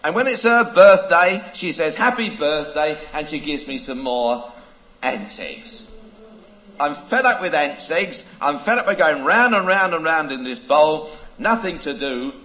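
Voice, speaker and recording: A man's voice: fairly high pitch, lively intonation, unhurried, pushed and bright, lo-fi sound, pitched above the performer's own voice. A man putting on a grumpy, fed-up goldfish. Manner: complaining, exasperated.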